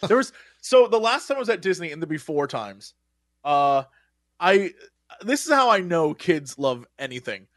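A man co-hosting a casual podcast, his voice pitched high and swinging widely up and down. He tells stories with animation and laughs often. The sound is dry and close. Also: big pitch swings, normal speed, fairly bright tone, no echo. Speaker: podcast co-host. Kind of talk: casual chat.

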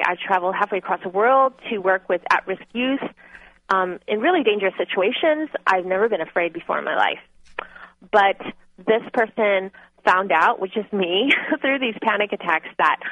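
A woman guest author telling her own story earnestly and candidly in a phone interview. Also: mid-range voice. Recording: tinny phone line.

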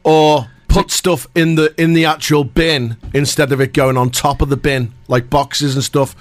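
A man's voice: on the high side, fairly even intonation, normal speed, dry recording. Laid-back joking man co-host.

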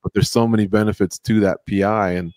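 A man's voice: on the low side, fairly even intonation, a little fast, darkish tone, no echo. A man hosting a podcast, chatting casually with a guest and asking playful questions. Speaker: podcast host. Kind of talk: casual interview talk.

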